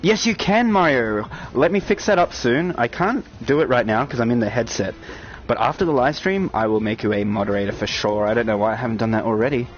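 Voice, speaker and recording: A man giving excited live-stream commentary on a VR shooter, chatting with viewers and breaking into loud outbursts. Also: mid-range voice, brisk, few pauses, a little hiss or hum. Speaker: VR game streamer. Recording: dull lo-fi stream audio with game music and gunfire. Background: game music and gunfire.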